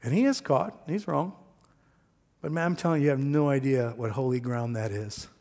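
A man preaching a sermon, telling a story with lively quoted voices and plain talk. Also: mid-range voice, moderate pace. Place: church sanctuary. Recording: long hall reverb.

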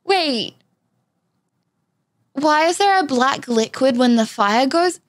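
A young woman streamer reacting to meme clips in animated casual commentary, gasping and exclaiming. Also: sits high, slow. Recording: loud background noise, mic clicks.

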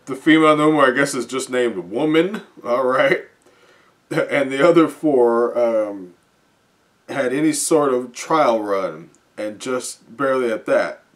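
A man reacting live to a comic chapter, talking slowly and haltingly in a mid-range voice. He chuckles often as he reads and pauses with plenty of fillers. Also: medium pitch, expressive. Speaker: comic reviewer.

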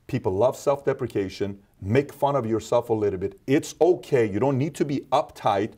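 A man talking as an interview guest, emphatic and preachy, dropping from loud to low. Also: normal speed, breathy edge. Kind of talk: casual interview talk.

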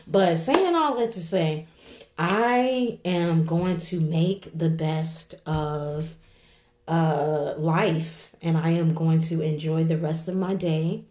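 Still tearful after crying, a woman vlogger in her forties talks to her viewers in a wandering, emotional way, repeatedly asking "okay?" and "you know?". She has a deep, dark voice, recorded in an echoey room.

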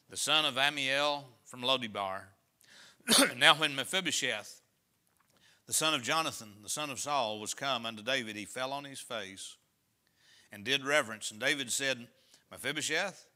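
A man's voice: medium pitch, bright, forceful tone. A man pastor preaching a sermon, reading scripture aloud and explaining it with folksy asides. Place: church sanctuary.

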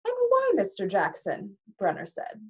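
A woman reading aloud, voicing a stern, demanding older male teacher who speaks slowly and formally, on a dull recording. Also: mid-range voice, huge pitch swings, husky, heavily acted. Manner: slow, measured, formal.

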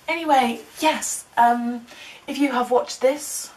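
A young woman rambles to her camera in a loose, giggly vlog, mocking herself as she goes. Her voice sits a little high. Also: steady tone, slow pace, a little hiss or hum, poor audio. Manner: giggly, chatty, self-mocking. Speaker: vlogger.

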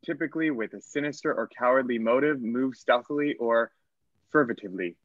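A man's voice: medium pitch, brisk, no echo, lo-fi sound. A man judging a comedy spelling bee, joking dryly and putting himself down. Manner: dry self-deprecating joker. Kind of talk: casual comedic banter.

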